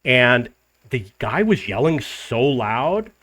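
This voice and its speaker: A man's voice: mid-range voice, slow pace. A middle-aged man from the United States, telling a story in a casual monologue and acting out the arguments he quotes. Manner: animated retelling, acts out quoted arguments. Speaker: travel vlogger.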